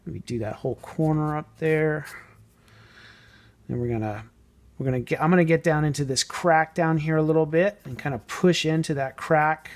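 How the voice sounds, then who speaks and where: A man casually explaining a painting technique as he works, thinking aloud and sometimes trailing off softly. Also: fairly high pitch, moderate pace. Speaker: model painting tutor. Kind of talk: casual hands-on painting tutorial.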